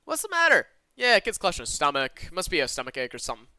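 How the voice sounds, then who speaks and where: A man's voice: fairly high pitch, wildly swooping pitch, fast, pushed and bright, no room sound, exaggerated voice. A man voicing jittery, bickering kidnappers. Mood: gruff bickering. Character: panicky adult male kidnappers, rough and bickering.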